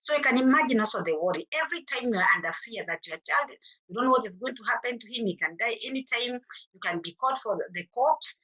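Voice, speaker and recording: A woman's voice: a little high, lively intonation, quick pace, sharp tone, rough recording. A middle-aged woman with a Kenyan accent, earnestly telling her own story as a mother at a forum and acting out the exchanges she recalls. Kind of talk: personal testimony at a forum.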